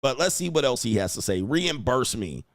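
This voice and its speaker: A man's voice: mid-range voice, big pitch swings, moderate pace, no room sound. A man hosting a reaction commentary show, mocking and lecturing the people in the clips he plays, often laughing. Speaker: commentary channel host.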